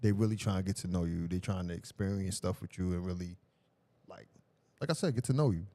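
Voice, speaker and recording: A man's voice: deep voice, brisk, mellow. A man from New York with a New York accent, co-hosting a podcast and telling stories in a laid-back, casual way. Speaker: podcast co-host. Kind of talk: casual chat.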